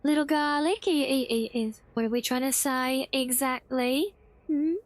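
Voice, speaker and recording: High-pitched giggly woman streamer. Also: steady tone, unhurried. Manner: giggly, bubbly, chatty with chat. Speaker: livestreamer. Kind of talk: casual game-stream chat.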